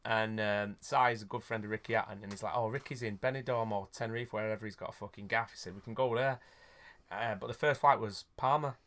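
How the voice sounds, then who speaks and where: A man's voice: on the low side, fairly even intonation, fast, a bit bright. A man, hosting a podcast and telling a rambling, sweary story with frequent laughs. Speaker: podcast host. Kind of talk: casual storytelling chat.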